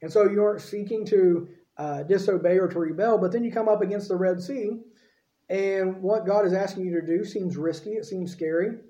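A man's voice: high voice, fairly even intonation, normal speed, warm tone. A man preaching a sermon in a conversational way, often checking in with his listeners. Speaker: pastor. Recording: echoey room, dull lo-fi sound.

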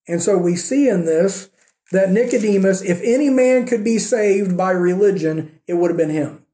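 A male pastor preaching in a sermon, his voice high for a man and mellow in tone. He speaks earnestly and builds with rhetorical questions and repeated phrases, and the sound carries a roomy echo. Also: moderate pace.

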